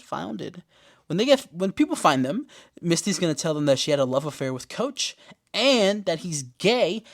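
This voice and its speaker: A man hosting a casual podcast recap, joking and swearing in loose slang, sometimes breaking into loud, high-pitched exclamations. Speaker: podcast host.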